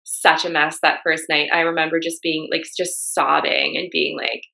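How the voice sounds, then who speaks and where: Make it a low, gravelly young woman. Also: little pitch movement, normal speed, sharp tone, low-quality recording. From Canada. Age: young adult. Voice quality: frequent "like" fillers, emotional storytelling. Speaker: co-host. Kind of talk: candid conversation about grief.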